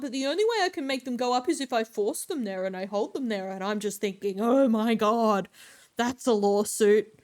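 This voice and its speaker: A woman with a somewhat high voice chats casually while she plays. She tells a story in an exasperated way and fills her pauses with plenty of ums. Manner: chatty, exasperated, lots of filler ums. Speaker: streamer.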